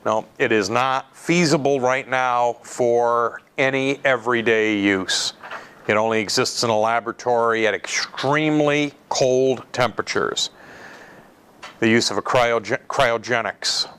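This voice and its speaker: A man's voice: medium pitch, measured pace, fairly bright tone, smooth. A man lecturing an evening electronics class in a classroom, talking conversationally, repeating key terms and putting questions to his students.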